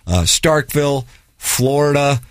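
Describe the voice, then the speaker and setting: A man's voice: mid-range voice, lively intonation, measured pace, dry recording, clean studio sound. Wry sports radio host, a man. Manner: wry, reads listener texts aloud. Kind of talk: casual sports talk radio.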